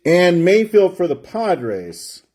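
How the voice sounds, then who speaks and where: A man's voice: high-pitched, very animated, takes it slowly, darkish tone. A man hosting a live card break stream, chatting casually and drawing out player names as he opens packs. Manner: chatty, rambling, drawls out player names while opening packs.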